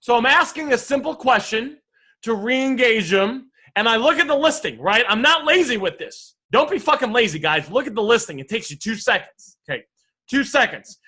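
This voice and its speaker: High, bright-voiced brash male coach. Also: expressive, moderate pace, breathy edge. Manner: brash, swears casually, keeps addressing the audience as guys. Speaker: sales and negotiation coach. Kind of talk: casual online teaching session.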